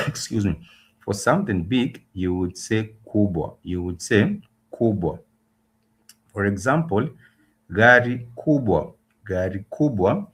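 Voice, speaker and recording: A man teaching Swahili words in a livestreamed lesson, patient and repetitive, pausing often with filler sounds. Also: on the low side.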